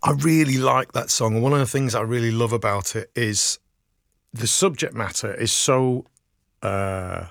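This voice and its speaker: A man's voice: medium pitch, unhurried, gravelly, dry recording. Enthusiastic male radio DJ, dry studio sound. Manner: enthusiastic and self-deprecating, with fillers. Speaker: radio rock show presenter. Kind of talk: casual radio DJ chat.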